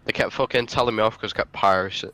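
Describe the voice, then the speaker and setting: A man's voice: fairly low pitch, fast, bright, forceful tone, faint music behind. A man in casual online chat, swearing and bantering with friends over a voice call. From Britain.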